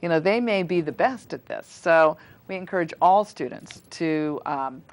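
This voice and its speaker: Woman in her forties, low voice, chatty guest with lots of "you know"s. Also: animated, normal speed. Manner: chatty, many fillers and restarts. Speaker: school foundation volunteer guest. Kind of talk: casual interview on local cable TV.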